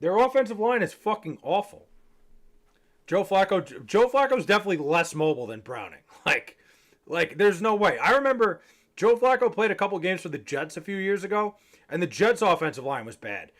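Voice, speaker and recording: A man's voice: high voice, sing-song, moderate pace, fairly bright tone. Rambling, slightly tipsy young man streaming. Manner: rambling, profane, joking. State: a bit tipsy. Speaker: livestreamer. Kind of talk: casual chat to stream chat.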